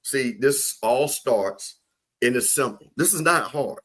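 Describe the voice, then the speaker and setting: A man talking sports in an animated, emphatic way, repeating himself and preaching his point. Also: mid-range voice, takes it slowly. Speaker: podcast guest, HBCU football commentator.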